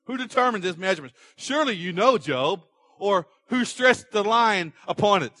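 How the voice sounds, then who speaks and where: A man's voice: sits high, lively intonation, normal speed, pushed and bright, no room sound, pitched above the performer's own voice. A man voicing God as a stern, sarcastic questioner who fires off demanding rhetorical questions.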